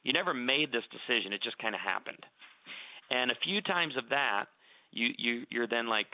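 A middle-aged man talks in an earnest, preachy way, stumbling and repeating words as he builds his point. His voice has a gravelly edge. The sound is dry and thin, as if over a phone line. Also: medium pitch, animated, normal speed, dry recording. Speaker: radio show guest speaker on marriage. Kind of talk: conversational radio interview.

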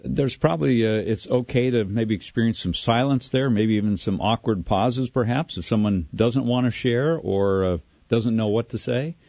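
A man hosting an interview, asking reflective questions with measured pacing and fillers. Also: medium pitch, darkish tone, no room sound. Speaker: radio host. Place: Minnesota. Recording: dull lo-fi radio audio.

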